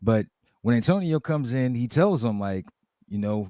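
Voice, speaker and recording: A man's voice: mid-range voice, expressive, moderate pace, dark tone, no room sound. Laid-back man with dry asides. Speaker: podcast co-host. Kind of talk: casual recap chat.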